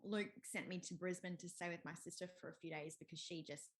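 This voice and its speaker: A woman's lowish, even-toned voice moves at a fairly quick clip during a candid, conversational interview. As a podcast guest she's chatty and open, with lots of fillers and frequent laughs.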